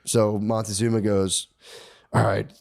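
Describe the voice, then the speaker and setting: A man's voice: on the low side, level tone, unhurried, creaky, a little mellow. A man on a podcast telling a history story in casual, profane slang, acting out the characters' lines.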